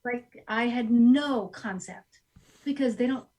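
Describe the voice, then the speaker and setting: A woman in her forties, guest on a casual podcast interview, telling her story with lively quoted asides in her own voice. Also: fairly high pitch, slow. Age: 40s. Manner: animated storyteller who acts out her past self in quotes. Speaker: guest, goat sanctuary owner. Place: rural home.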